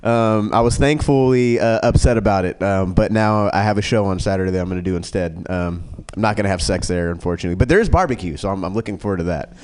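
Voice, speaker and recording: A man's voice: lowish voice, fast, hardly any pauses, darkish tone. A man telling a crude story on a comedy podcast, rambling with many ums and slipping into mimicked voices. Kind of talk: casual storytelling.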